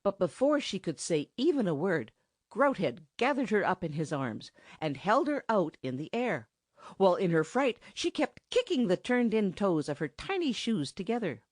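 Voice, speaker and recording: A woman reading a children's storybook aloud in an expressive narrating style. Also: medium pitch, normal speed, dry recording, clean studio sound. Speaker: audiobook narrator.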